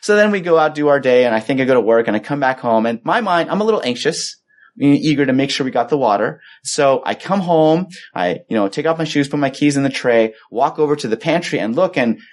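A man's voice: mid-range voice, brisk. A man preaching a sermon in a conversational, storytelling way, acting out the quoted exchanges. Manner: conversational storytelling, animated when quoting himself. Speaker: pastor.

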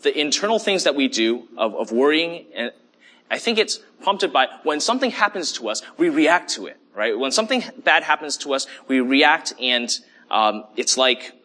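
A man delivers a sermon in an easygoing, conversational way, often pausing to check in with his listeners. His voice has a bright edge and a husky grain. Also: fairly high pitch, expressive. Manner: conversational preaching with fillers and "okay?" check-ins. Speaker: pastor.

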